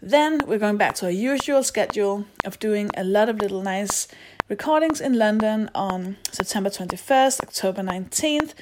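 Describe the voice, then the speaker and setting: Reading out announcements alone, this podcast host has a medium pitch and a playful, meandering style that pokes fun at herself. The recording has a noisy background.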